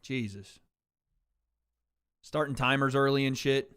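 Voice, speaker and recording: A man's voice: medium pitch, measured pace, a bit bright, clean tone. A man hosting a livestream watch party, riffing on chat in blunt, profane casual commentary. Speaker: livestream host.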